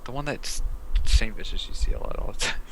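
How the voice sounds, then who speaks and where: A young man in casual chat about video games, rambling, joking and swearing freely. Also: brisk. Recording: noisy home voice-call recording.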